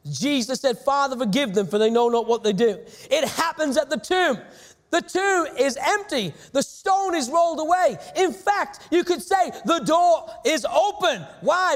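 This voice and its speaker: Man, very high voice, pastor, emphatic sermon, shouts and slow repeats. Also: in a large hall. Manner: emphatic preaching with sudden shouts and slowed repetitions.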